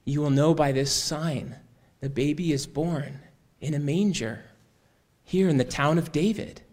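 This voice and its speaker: A man voicing a radiant male angel who proclaims solemnly and calmly. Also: a little high, unhurried.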